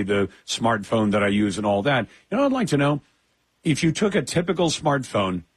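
Raspy-voiced man hosting an interview. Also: mid-range voice, no echo. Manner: conversational, inquisitive. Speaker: interview host. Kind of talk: interview questions.

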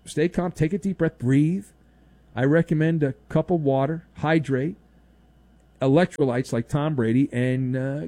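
A man's voice: sits high, no echo. A man hosting a sports talk radio show, ranting sarcastically and mocking with exaggerated silly voices. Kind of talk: opinionated sports talk monologue.

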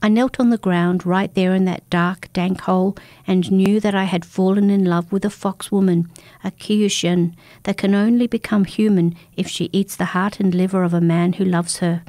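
A woman narrating a first-person folk tale in a calm, measured, intimate manner. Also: mid-range voice, dry recording. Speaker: storyteller.

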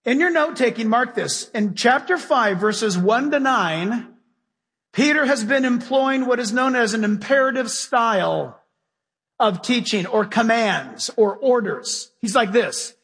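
Husky high-voiced preacher in a reverberant hall. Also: male voice, lively intonation, measured pace, a bit bright. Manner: emphatic, folksy preaching with direct questions to the congregation. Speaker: pastor. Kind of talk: sermon. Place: church sanctuary with a live congregation.

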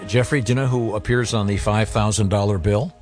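A man's voice: lowish voice, fairly even intonation, brisk, music in the background. A man hosting a morning radio show in a studio, talking in a meandering, hesitant way with many ums and restarts. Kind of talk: casual morning radio banter. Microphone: studio microphone.

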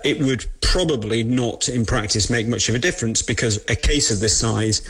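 A man's voice: mid-range voice, normal speed, fairly bright tone, slightly rough. A man giving careful, precise expert commentary on a legal process. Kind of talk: explanatory commentary.

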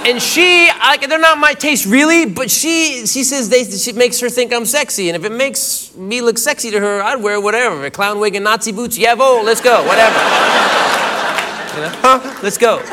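A man doing stand-up comedy, telling a rambling story with animated outbursts on a club stage. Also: very high voice, normal speed, heavy background noise. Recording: live club with loud crowd laughter.

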